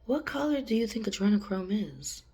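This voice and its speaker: A very animated woman with a mellow, mid-range voice speaks at a moderate pace in a rambling, casual monologue to camera. This adult channeler, mother of a young daughter, laughs a lot and occasionally drops to a whisper.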